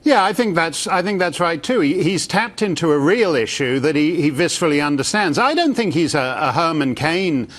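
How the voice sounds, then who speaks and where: A man's voice: on the high side, lively intonation, normal speed, hardly any pauses, fairly bright tone. A man appearing as a columnist guest on a news interview, giving articulate, sardonic commentary.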